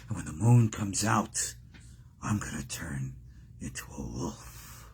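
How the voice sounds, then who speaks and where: A man voicing a brooding werewolf from an old horror comedy in a low, raspy murmur that drops to a whisper. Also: lively intonation, slow pace, exaggerated voice. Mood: ominous.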